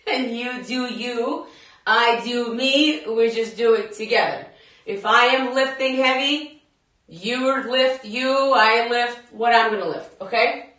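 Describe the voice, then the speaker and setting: This woman's voice leans high and a bit bright. She's a fitness instructor in a live workout class, laughing frequently and chatting directly with viewers, picked up by a phone mic placed well away in a room full of echo.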